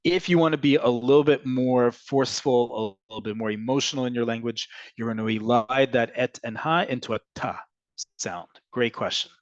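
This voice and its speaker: A man's voice: medium pitch, normal speed, no room sound, lo-fi sound. Man teaching Hebrew in an online class. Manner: explanatory, animated, answers questions as they come in.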